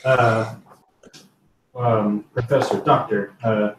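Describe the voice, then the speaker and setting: A man's voice: on the low side, steady tone, slow pace. A man narrating as game master of a tabletop game, rambling with many fillers. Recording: roomy, distant mic, faint noise.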